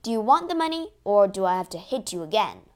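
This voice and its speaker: A woman reading a story aloud and voicing a bold, righteous man who stands up to a bully, raising her pitch and volume. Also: big pitch swings, brisk. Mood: commanding. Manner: forceful, commanding, shouting at a bully. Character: bold, righteous male stranger, mining expert.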